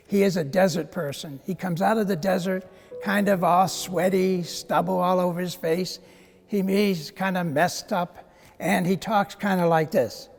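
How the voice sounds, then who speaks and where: A priest in his seventies tells a story in a gently humorous, storytelling manner, his voice pitched high for a man. A long hall reverb hangs on his words, with quiet music underneath. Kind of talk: Easter message.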